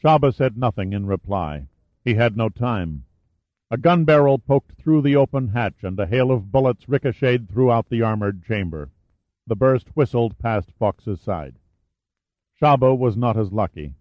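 A man narrating an action thriller audiobook in a steady, dramatic storytelling manner. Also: mid-range voice, normal speed, no echo, muffled recording.

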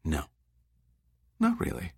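A man's voice: takes it slowly, darkish tone, no room sound, clean studio sound, natural voice. A man voicing a confident, flirtatious woman journalist in an audiobook, with a teasing, lightly amused delivery. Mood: flirty. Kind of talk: audiobook dialogue reading.

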